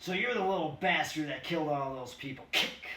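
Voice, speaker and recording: A man's voice: a little high, fairly quick, voice pushed up. A man voicing gloating, brutal policemen who taunt a prisoner, recorded from a distance in a roomy space. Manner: jeering, shouting taunts. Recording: roomy, distant mic, faint hiss.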